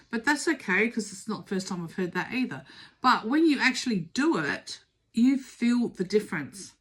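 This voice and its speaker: A woman's voice: mid-range voice, lively intonation, normal speed. A middle-aged woman giving a casual spoken tarot reading, emphatic and urging, repeating words for stress. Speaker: tarot reader.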